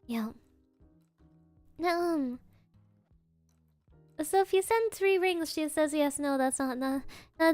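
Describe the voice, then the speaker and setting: A woman's voice: sits high, unhurried, long pauses, darkish tone, no room sound, soft background music. A woman streamer answering chat questions in a playful, giggly, joking way. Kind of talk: casual live Q&A chat.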